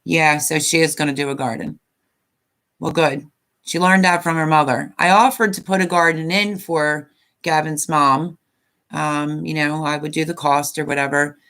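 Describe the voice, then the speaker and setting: A woman's voice: low voice, steady tone, normal speed, a bit bright. A woman in her fifties hosting a casual live stream, chatting in a rambling way and reading viewer comments aloud.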